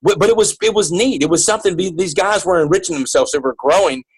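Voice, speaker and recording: A man's voice: sits high, quick pace, slightly rough, low-quality recording. A man as an interview guest, telling a personal story in an earnest way, often repeating and restarting his words.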